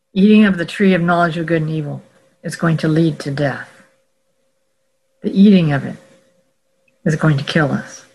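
A Bible teacher working through scripture in a careful, explanatory teaching talk. The speaker goes step by step, pausing to correct and rephrase mid-sentence. The voice sits at a middle pitch. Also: slightly rough, rough recording. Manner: measured and explanatory, with frequent self-corrections.

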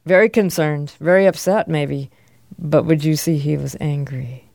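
A man's voice: fairly high pitch, normal speed, creaky, darkish tone, no room sound, studio quality. A man teaching a class, reading scripture aloud and asking his students questions in a conversational way.

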